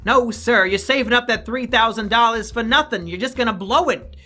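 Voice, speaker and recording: A man voicing a judgmental, nagging mother who scolds in a shrill, sneering tone. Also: a little fast, sharp tone, faint music behind, full character voice. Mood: scornful.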